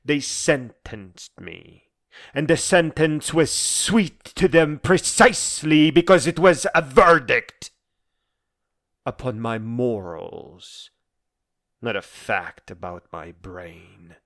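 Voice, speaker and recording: A man voicing an embittered, proud, dying philosopher in a dramatic monologue, a letter read aloud with slow, measured, bitterly scornful declamation. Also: mid-range voice, expressive, a bit bright.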